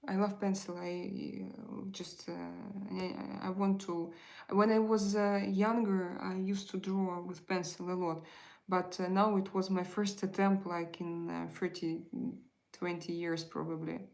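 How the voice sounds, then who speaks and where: A middle-aged woman from Russia with a Russian accent, hosting a casual live chat, pausing often and searching for her words. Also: on the low side, level tone, darkish tone, low-quality recording. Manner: halting, searching for words, many fillers. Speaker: livestream host.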